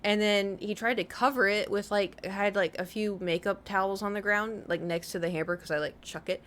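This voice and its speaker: A woman's voice: medium pitch, steady tone, brisk, a bit bright, a little hiss or hum. Young woman streamer with a slight lisp. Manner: chatty, rambling, self-mocking storyteller who laughs often. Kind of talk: casual live-stream chat.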